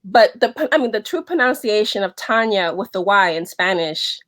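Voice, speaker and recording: A woman from the Bronx with a New York accent, chatting excitedly as a podcast guest over a video call. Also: medium pitch, normal speed. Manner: animated, excitable storyteller. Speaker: guest, wardrobe stylist. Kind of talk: casual chat.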